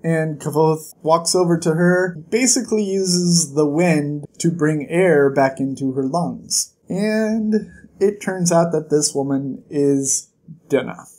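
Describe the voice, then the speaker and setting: A woman's voice: low-pitched, takes it slowly, a little mellow. A woman giving a casual book recap, sarcastic and dramatic, with exaggerated gasps and groans. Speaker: book vlogger.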